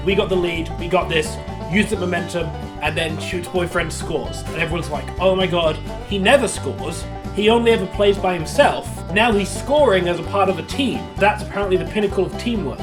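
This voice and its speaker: A man co-hosting a podcast, giving a sarcastic, laughing recap of an episode in casual chat. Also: sits high. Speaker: podcast co-host.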